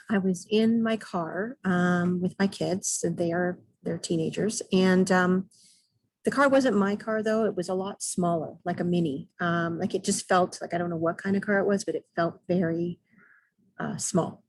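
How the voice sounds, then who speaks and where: A middle-aged woman talking as an intuitive soul guide and mentor in a casual spiritual vlog, calm and hesitant with many ums and throat clears. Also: lowish voice, low-quality recording.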